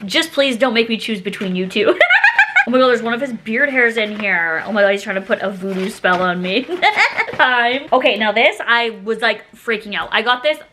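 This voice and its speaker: A woman's voice: fairly high pitch, fairly quick, few pauses, background noise. A woman in her thirties chatting in a casual haul vlog, bubbly and gushing. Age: 30s. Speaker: vlogger.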